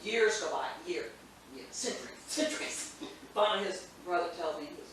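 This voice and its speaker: A woman's voice: lowish voice, expressive, brisk, fairly bright tone. A woman who works as a teacher, casually telling funny stories, acting out quotes and laughing often. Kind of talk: casual storytelling. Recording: echoey room from far off with faint noise.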